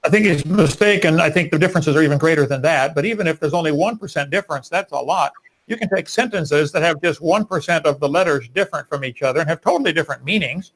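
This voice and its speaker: A man's voice: on the high side, low-quality recording. A man answering in a live debate, preachy and emphatic, now and then restarting his sentences. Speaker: creationist debater.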